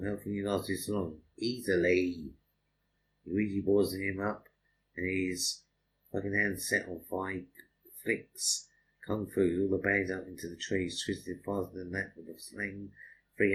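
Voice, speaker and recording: A man's voice: low-pitched, a bit bright, rough recording. A man delivering a crude, profane, rambling stream-of-consciousness monologue.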